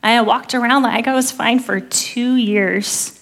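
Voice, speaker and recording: Woman, 30s, church speaker; earnest testimony storytelling, hushed on quoted prayers. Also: fairly high pitch, fairly even intonation, measured pace. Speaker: preacher sharing testimony. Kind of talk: sermon testimony.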